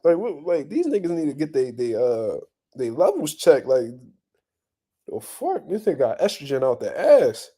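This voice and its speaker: A young man hosting boxing talk, ranting bluntly and profanely in a casual, animated way and laughing often. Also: a little high, moderate pace, husky. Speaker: boxing commentary host.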